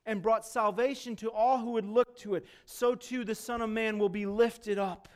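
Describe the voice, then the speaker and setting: A man preaching a sermon, talking to the congregation in a conversational way and swinging between emphatic loud peaks and hushed low asides. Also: steady tone, normal speed. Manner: conversational, asks the congregation questions. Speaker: pastor.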